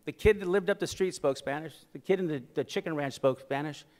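A man's voice: on the high side, a little fast. Middle-aged man telling stories on stage in a reverberant hall. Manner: animated, acts out quoted voices for laughs. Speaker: keynote speaker. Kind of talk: humorous storytelling speech. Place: conference hall.

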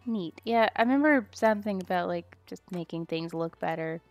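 A young woman streaming a video game, muttering to herself as she plays and bursting into excited squeals. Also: fairly low pitch, normal speed, no room sound, faint music behind. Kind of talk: casual gaming stream chatter.

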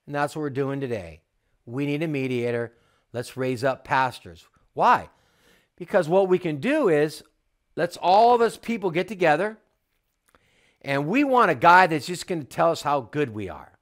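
High, lively-voiced fervent male preacher. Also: moderate pace. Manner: fervent, repetitive preaching with emphatic refrains. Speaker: home church teacher. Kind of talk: sermon.

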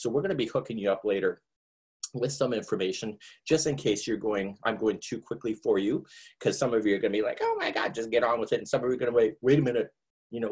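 A middle-aged Canadian man with a low, husky voice hosts a crochet class from home. He chats and jokes, rambles, and now and then jumps into squeaky put-on voices. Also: a little mellow. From Nova Scotia, Canada. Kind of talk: chatty live online class.

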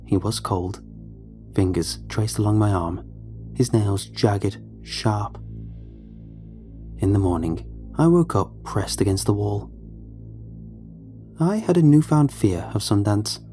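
A man giving a measured, somber scripted horror narration. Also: on the low side, mellow.

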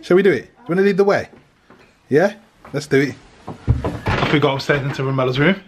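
A man's voice: on the high side, quick pace, noisy background. A British man vlogging with his family, teasing and joking on a handheld camera. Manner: teasing, jokey, bantering. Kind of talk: casual family vlog.

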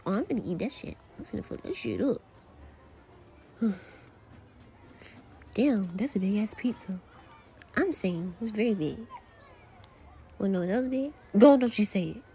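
A woman's voice: mid-range voice, expressive, moderate pace, pauses often, mellow, slight background noise. A woman performing a casual fan role-play audio drama, trading slangy, teasing banter as she voices several friends.

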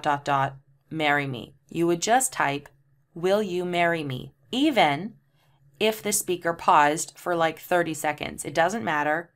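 Brief: woman tutor, lower-pitched voice, patient step-by-step explaining. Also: fairly bright tone. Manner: explanatory, reads example sentences aloud spelling out punctuation. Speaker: transcription tutor. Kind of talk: screen-share tutorial.

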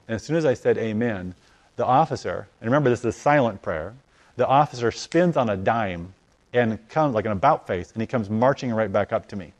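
A man recounting a personal story in conversation with a lively, theatrical delivery. He acts out both sides of the dialogue, climbing loud and high and then dropping to a hush. His voice sits at a middle pitch. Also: brisk. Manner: animated, acts out dialogue with voice rising and falling. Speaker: guest telling a testimony.

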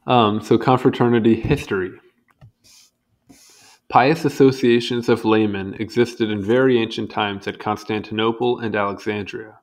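A young man reads an encyclopedia entry aloud at an easy, casual pace, his voice sitting a little low. He trips over unfamiliar words and breaks off now and then for wry little comments. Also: steady tone, normal speed. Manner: stumbles over hard words and comments wryly. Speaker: reader.

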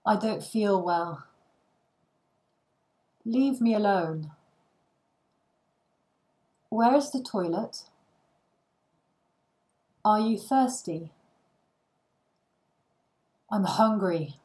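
A woman reading short English phrases one at a time for language learners, with pauses between them. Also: mid-range voice, expressive, darkish tone.

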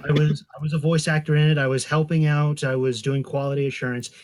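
Voice actor dude on a call telling a story, kinda high voice, stumbles a bit. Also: male voice, level tone, darkish tone. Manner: storytelling, halting restarts. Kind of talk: casual chat.

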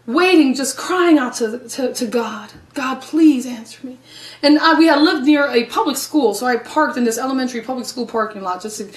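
High-voiced woman evangelist, echoey room. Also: distant mic. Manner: emotional storytelling, dramatic swings from loud to hushed. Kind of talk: testimony sermon.

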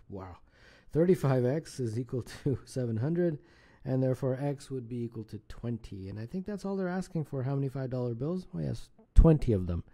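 Mellow-voiced man tutoring math. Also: medium pitch. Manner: casual, self-correcting, chuckles at slips. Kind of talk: solving contest problems aloud.

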